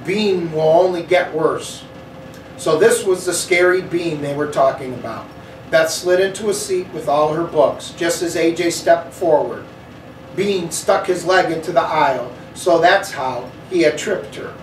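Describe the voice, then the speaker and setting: Expressive man reading a storybook, higher voice, echoey room, faint ambience. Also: moderate pace, slight background noise. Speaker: school superintendent reading a children's book. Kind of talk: storybook read-aloud. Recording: echoey room, slightly distant mic.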